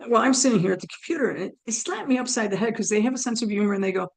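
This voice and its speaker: A woman's voice: a little high, expressive, racing, gravelly, few pauses. A woman telling a personal story in a chatty, self-amused way as a guest in a conversation.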